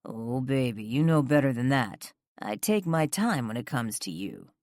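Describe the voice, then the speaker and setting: A woman voicing a brooding male lover in a rough, craggy growl, slow and low. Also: big pitch swings, a little mellow, no room sound, clean studio sound, full character voice. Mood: low seductive. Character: husky-voiced man, brooding seductive lover.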